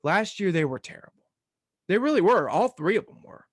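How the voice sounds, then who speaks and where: A man's voice: high-pitched, very animated, brisk, slightly rough. A man co-hosting a casual sports podcast, joking loosely and mocking teams and coaches. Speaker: podcast co-host.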